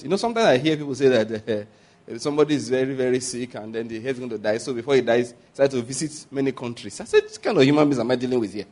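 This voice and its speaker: A man's voice: mid-range voice, a little mellow. A middle-aged man preaching a sermon, drawing the congregation into call-and-response and dropping humorous asides. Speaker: pastor.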